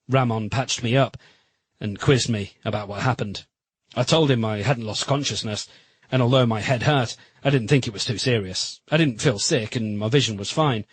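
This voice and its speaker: A man narrating a first-person romance audiobook in a steady, measured reading. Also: fairly low pitch, breathy edge, dry recording, rough recording.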